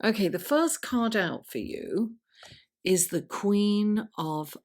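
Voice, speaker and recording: A woman reads tarot cards for a weekly horoscope in an unhurried, chatty way. She takes her time over each phrase and drops to a soft murmur when she calls on the cards. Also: mid-range voice, expressive. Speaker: tarot reader.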